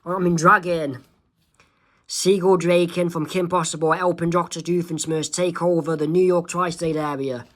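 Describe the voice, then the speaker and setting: A man's voice: fairly high pitch, flat delivery, close to an everyday voice. A man reading as a scheming mad scientist villain. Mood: gleeful. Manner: halting, read-aloud delivery with slips.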